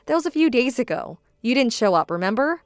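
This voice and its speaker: A woman voicing a hurt, firm young bride-to-be who speaks in a measured, indignant tone. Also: on the high side, very animated, no room sound. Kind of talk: dramatized story voice acting.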